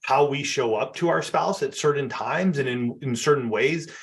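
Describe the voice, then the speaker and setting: A man who is a guest on an interview, speaking in a reflective, steady way and listing everyday examples. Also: medium pitch, normal speed. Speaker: podcast guest, married co-host of a marriage show. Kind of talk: casual interview chat.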